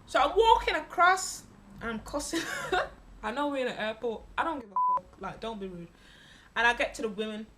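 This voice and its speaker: A woman telling a casual travel vlog story, candid and expressive, swearing freely and acting out the people she met. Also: on the high side, a little fast, heavy background noise. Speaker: travel vlogger.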